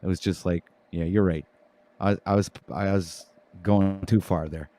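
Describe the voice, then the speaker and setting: A man's voice: low voice, fairly even intonation, measured pace, dark tone, dry recording. A man from Canada with a French Canadian accent hosting a casual livestream talk show, stumbling over his words and joking about himself. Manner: stumbling, self-mocking, often restarts words.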